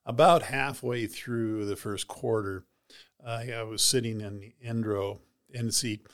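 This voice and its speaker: A man's voice: on the low side, fairly even intonation, measured pace. A man, a heart transplant recipient, casually retelling a personal story in an interview, rambling with many "you know"s and "she goes".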